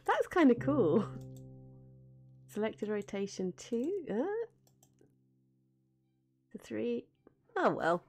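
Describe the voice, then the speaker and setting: Giggly woman streamer, high and bouncy. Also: slow, long pauses, faint music behind. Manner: giggly, excitable, gasping. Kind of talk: casual game stream chat.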